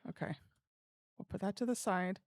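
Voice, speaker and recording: Her mid-range voice moves at a moderate pace on a dry, clean studio recording. A young woman streaming live, she chats casually with her audience, giggles, and talks herself through her work.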